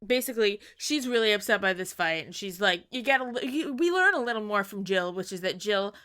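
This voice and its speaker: A woman's voice: medium pitch, lively intonation, brisk, pushed and bright, clean tone. A woman co-hosting a podcast, chatting wryly about characters in a story game. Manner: chatty, wry commentary on characters. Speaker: podcast co-host. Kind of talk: casual game recap chat.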